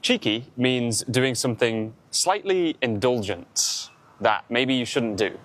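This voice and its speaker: A man's voice: mid-range voice, lively intonation, takes it slowly, a bit bright. Chatty man with an English accent teaching. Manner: chatty, explains words with examples. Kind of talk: vlog-style lesson.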